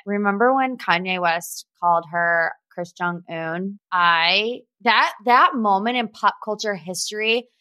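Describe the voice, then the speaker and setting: Brief: female podcast host, chatty and gossipy, bright tone, dry close recording. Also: mid-range voice, expressive, slow pace, hardly any pauses, no room sound. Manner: chatty, gossipy, sarcastic asides. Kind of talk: casual pop culture chat.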